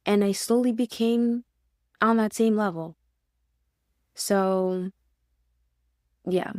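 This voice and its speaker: A woman's voice: mid-range voice, steady tone, slow pace, a little mellow, no room sound. Woman telling a story on a dry mic. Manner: storytelling, acts out her own past words. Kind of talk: casual podcast chat.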